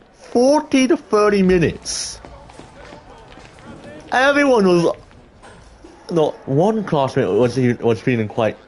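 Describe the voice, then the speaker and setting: A teenage boy telling a school story to camera in an excitable, rambling way, full of restarts and exclamations. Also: mid-range voice. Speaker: vlogger.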